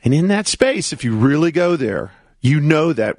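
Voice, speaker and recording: A man with a gravelly, rough-edged voice hosts a motivational coaching radio show. He speaks emphatically, asks rhetorical questions and plays out his listeners' doubts in their own words. The sound is dry and close to the mic, with no room around it. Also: fairly high pitch, lively intonation, a little slow, hardly any pauses, dry recording.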